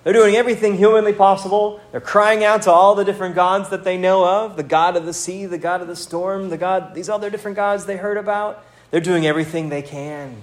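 A fairly high, evenly pitched male voice moves a little quickly with scarcely a pause. He's a pastor giving an earnest, direct sermon, firing pointed rhetorical questions at listeners and acting out quotes.

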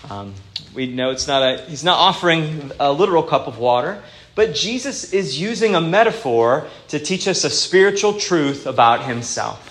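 Male preacher, earnest and plain-spoken, slightly high voice. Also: lively intonation, a bit bright. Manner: earnest, plain-spoken, slows down for scripture quotes. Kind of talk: sermon.

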